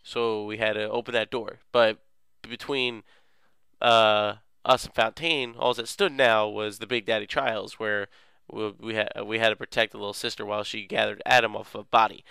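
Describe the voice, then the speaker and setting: Young male let's play host, goofy and rambling. Crisp, dry voice. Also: lowish voice, little pitch movement, normal speed, sharp tone, no echo. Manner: rambling, goofy, lots of filler words. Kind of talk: casual game recap.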